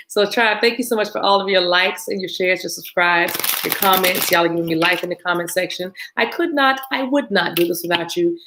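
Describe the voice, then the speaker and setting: A woman's voice: on the low side, poor audio. Chatty American woman tarot reader. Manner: chatty, warm greetings to viewers, laughs often. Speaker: tarot reader hosting a live stream. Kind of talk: casual live-stream chat.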